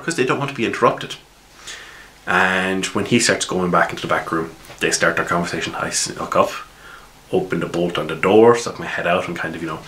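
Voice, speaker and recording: A man casually retelling his tabletop game session in a rambling, animated way. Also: low voice, poor audio. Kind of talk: casual storytelling.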